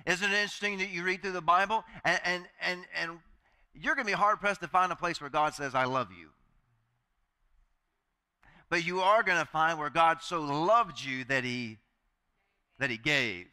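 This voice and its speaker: A man's voice: a little high, moderate pace, sharp tone, smooth. A male pastor preaching a sermon in a chatty, joking way, acting out the voices he quotes.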